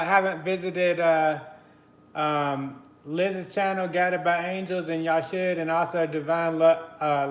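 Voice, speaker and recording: A man's voice: a little high, roomy sound. A man hosting a casual live stream, chatty and greeting his viewers by name between easy laughs. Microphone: computer mic on a live stream.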